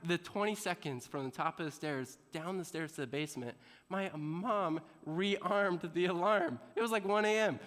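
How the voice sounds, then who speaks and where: Lively, bright-voiced man speaking in a reverberant hall. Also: a little high, normal speed. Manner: animated storyteller, quizzes the audience, laughs often. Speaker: motivational speaker. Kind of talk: motivational talk to students. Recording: long reverb in a large hall.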